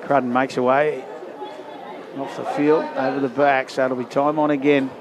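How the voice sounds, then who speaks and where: A man's voice: flat delivery, moderate pace. A man commenting live on a rugby league game at an outdoor ground, lifting his voice for big plays. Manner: lifts pitch and volume in big plays. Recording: loud crowd and outdoor noise. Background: crowd and outdoor ambience.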